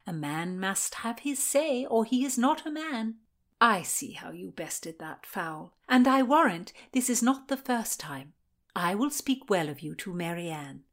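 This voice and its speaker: A quick-witted young gentlewoman, read by a woman, brisk and persuasive. Her voice sits a little higher than a narrator's and presses her case firmly. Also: expressive. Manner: brisk and persuasive, raised pitch.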